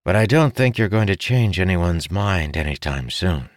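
A man voicing a loyal, tactful young male friend in an audiobook, slightly raised from his own deep voice. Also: lively intonation, normal speed, no echo, studio quality. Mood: earnest. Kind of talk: audiobook character voice.

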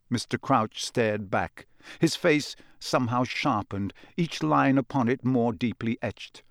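A man narrating an audiobook in a measured, expressive storytelling manner. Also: mid-range voice, dry recording. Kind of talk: scripted narration.

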